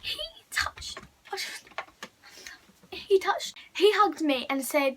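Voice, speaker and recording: Gushing high bright-voiced teen girl. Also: normal speed, a little hiss or hum, low-quality recording. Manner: gushing, breathless storytelling with many likes. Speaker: vlogger. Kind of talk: excited fan story vlog.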